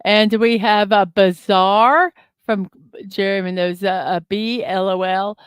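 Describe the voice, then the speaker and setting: Her mid-range voice is smooth and steady, moving at a slow pace, as she works a word puzzle on her daily morning livestream. Thinking aloud with frequent ums and uhs, she reads comments from viewers; the desk mic recording is clean, studio-grade and echo-free.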